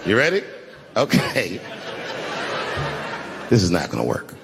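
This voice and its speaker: A man's voice: sits low, wildly swooping pitch, a little slow, gravelly. A man in his forties performing a stand-up comedy set on a large arena stage, telling stories with acted-out dialogue and a drawling, swearing delivery. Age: 40s. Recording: live stage mic, hall reverb, crowd noise. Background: crowd laughter.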